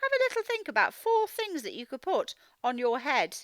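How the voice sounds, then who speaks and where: A woman teaching phonics to young children, reading a picture book aloud and slowly sounding out each word. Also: sits high, no echo. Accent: Australian. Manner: slow, sounding out words, expressive storybook reading.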